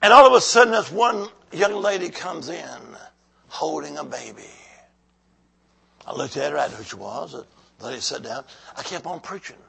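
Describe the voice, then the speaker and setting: Male evangelist, husky and raspy, exhorts the congregation and drops from shouts to hushed whispers. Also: fairly high pitch, lively intonation, moderate pace. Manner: calls out to the congregation. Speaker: preacher. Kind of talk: revival sermon.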